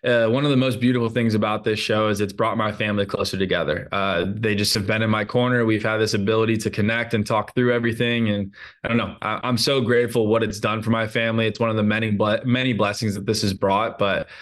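A man's voice: lowish voice, level tone, fast talker. A man as a guest in a casual interview, earnest and open, often restarting his sentences. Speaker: reality show lead, guest.

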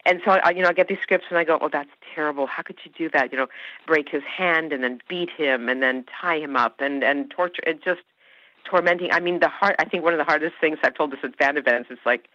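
A woman with a bright, forceful voice talks animatedly in an interview, stumbling and restarting as she goes. The sound is dry and close, a little dull and lo-fi. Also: deep voice, fast talker, dry recording. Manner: animated, emphatic, with many restarts. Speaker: actress guest. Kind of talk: interview conversation.

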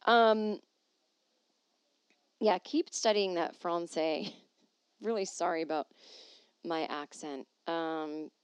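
A woman's voice: low-pitched, takes it slowly, clean tone, dry recording. Rambling self-mocking woman podcast host. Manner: rambling, self-deprecating, jokey asides. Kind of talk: solo podcast chat reading listener emails. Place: at home.

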